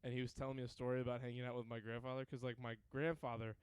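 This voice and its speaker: A man's voice: mid-range voice, level tone, very fast, a little mellow, smooth, dry recording. A young man hosting a podcast, telling rambling, profane stories in casual chat and laughing often. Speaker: podcast host.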